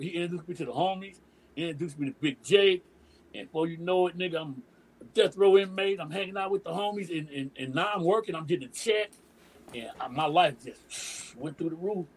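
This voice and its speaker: A middle-aged DJ and emcee from Detroit, USA, takes over a podcast interview with a sprawling, profane story told in loose street slang. As he goes, he acts out the quoted dialogue, voicing each person himself. His voice is husky with a slightly rough grain and sits a bit high for a man, and the recording is rough.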